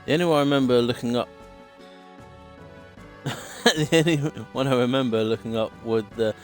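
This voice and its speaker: Soft music plays under a British man's medium-pitched voice as he talks at a moderate pace while streaming a game. His chat is casual and rambling, peppered with the odd swear word and impressions of sound clips.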